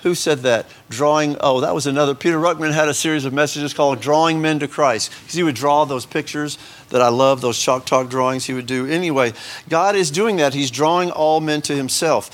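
A man's voice: fairly high pitch, brisk. Chatty man teaching a Bible lesson. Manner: conversational, joking asides, many fillers and restarts. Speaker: Sunday school teacher. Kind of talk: casual Bible lesson to a congregation.

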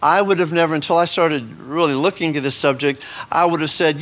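A man's voice: on the high side, lively intonation, normal speed, hardly any pauses, fairly bright tone. A man teaching a Sunday school lesson to a congregation, chatting with joking asides and frequent restarts. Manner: conversational, joking asides, many fillers and restarts. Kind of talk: casual Bible lesson to a congregation.

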